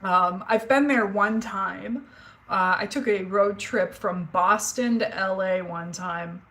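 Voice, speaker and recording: A woman in her forties talks at a slow pace in a mid-range, fairly bright voice, on a low-quality recording. She's livestreaming indoors at home, chatting candidly with her viewers and live chat while meandering through stories, using fillers and swearing occasionally.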